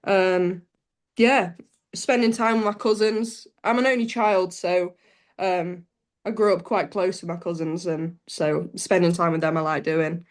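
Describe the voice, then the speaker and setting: A woman's voice: on the low side, steady tone, unhurried. Giggly young woman guest. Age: young adult. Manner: giggly, laughs often, blunt and down-to-earth. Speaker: guest, amateur golfer. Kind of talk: casual chat interview over a call.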